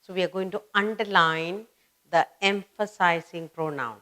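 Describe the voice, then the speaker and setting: A woman's voice: on the low side, normal speed, sharp tone. A woman teaching grammar to children, stressing and repeating each example sentence.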